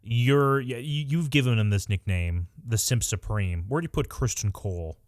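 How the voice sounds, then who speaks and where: A young man co-hosting a podcast, talking in an animated, exasperated way in casual chat. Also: medium pitch, normal speed, dry recording, clean studio sound. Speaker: podcast co-host.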